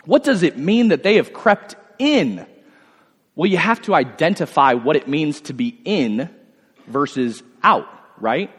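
A man in his thirties preaching a sermon, animated and full of rhetorical questions and asides. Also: a little high, measured pace, husky. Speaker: pastor. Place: church sanctuary. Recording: long hall reverb.

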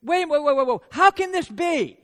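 A man's voice: very high-pitched, expressive, normal speed, a bit bright, voice pushed up. A man voicing a bewildered young woman who stammers in disbelief. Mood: incredulous. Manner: stammering, incredulous. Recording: long reverb of a large hall.

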